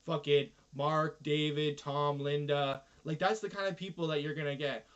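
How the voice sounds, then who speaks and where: A man's voice: on the high side, steady tone, normal speed, few pauses. Ranting Canadian man, dull recording. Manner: profane, ranting, exasperated. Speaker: influencer. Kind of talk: casual monologue.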